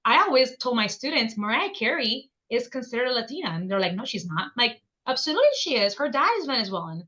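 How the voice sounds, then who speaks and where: Woman, high bright voice, emphatic educator, guest in a chat, muffled lo-fi sound. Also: animated, fast talker. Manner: emphatic, repeats points for stress. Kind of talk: conversational podcast interview.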